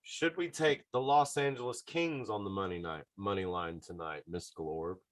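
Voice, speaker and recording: A man hosting a podcast, giving sports betting picks in an excitable, casual way and talking straight to his listeners. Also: deep voice, normal speed, no room sound, studio quality. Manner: excitable, talks to listeners directly. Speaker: podcast host.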